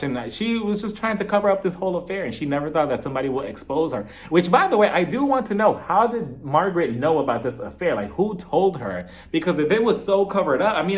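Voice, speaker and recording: This slightly high-voiced young guy gives a chatty, joking rundown of a reality show episode, lively and full of "like" fillers.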